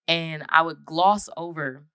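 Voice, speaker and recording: Low-voiced American woman sharing her story. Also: measured pace, pushed and bright, clear, resonant tone, no room sound, studio quality. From United States. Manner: earnest, reenacts past conversations in quoted voices. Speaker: podcast guest. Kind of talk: candid personal storytelling.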